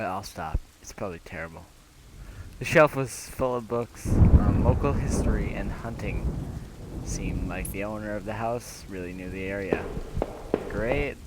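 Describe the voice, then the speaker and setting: This casual let's-play features a young man with a fairly low voice reading a horror game's text aloud. He laughs nervously and whispers as he plays. It's very noisy, with loud rain and thunderstorm game sounds behind him.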